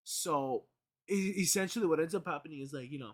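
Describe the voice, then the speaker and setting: A man's voice: on the high side, a little fast. A young man streaming casual reaction commentary, rambling with many fillers and the odd swear word.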